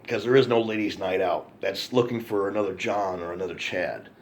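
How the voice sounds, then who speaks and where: A man's voice: deep voice, brisk, a little hiss or hum. A man telling an angry, profane story to camera in a ranting monologue, repeating himself for emphasis. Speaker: vlogger.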